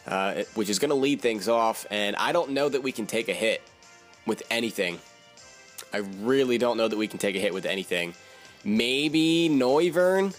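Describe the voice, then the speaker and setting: A man casually commentating his own game battle, thinking aloud and joking at himself. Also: mid-range voice.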